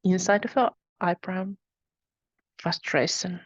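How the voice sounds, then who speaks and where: Woman, webinar host, slow guided phrases, lowish voice, dry dull lo-fi call audio. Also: breathy edge, no echo. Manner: slow, calm, repetitive phrasing. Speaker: webinar host leading a tapping exercise. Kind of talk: guided repeat-after-me instruction.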